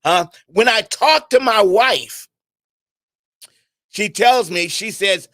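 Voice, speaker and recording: A middle-aged man giving an animated, preaching-style talk on an internet radio show, firing questions at his listeners and often repeating and restarting his words. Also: high voice, slow pace, pauses often, no echo, clean studio sound. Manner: animated, conversational, asks the audience questions.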